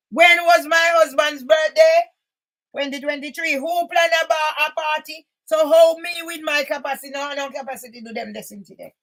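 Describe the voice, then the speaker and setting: An older woman with a high-pitched voice reads documents aloud to her channel. She cuts in with indignant comments and often bursts into shouting. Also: poor audio. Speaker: channel host.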